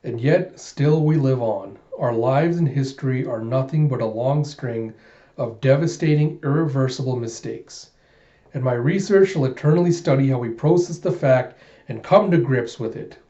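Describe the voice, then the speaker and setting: A man's voice: mid-range voice, normal speed, dark tone, dull audio, lightly acted. A man voicing a smug, philosophizing male mad scientist in a lofty, self-satisfied tone.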